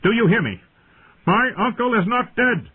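Casting note: a man playing a young hot-blooded lord, voice lifted high above his own, earnest, on a tinny line. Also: animated, normal speed, slightly rough. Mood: angry. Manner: earnest, raised in anger, hushed when tender. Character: proud hot-tempered young lord, an older brother. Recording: narrow phone-like sound.

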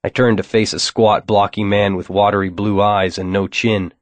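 A man narrating a novel in the first person with a wry, deadpan delivery. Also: lowish voice, moderate pace, no echo. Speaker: audiobook narrator.

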